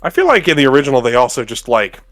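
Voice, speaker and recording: A man's voice: medium pitch, big pitch swings, rapid-fire, fairly bright tone. A man co-hosting a casual commentary chat, rambling with lots of filler words. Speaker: co-host.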